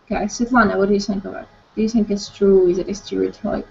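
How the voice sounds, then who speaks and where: A woman from Ukraine leads an online English class, asking short questions and moving the talk along. Her voice sits at a middle pitch. The call audio is dull and lo-fi. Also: steady tone, quick pace, creaky, slight background noise. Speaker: online language teacher.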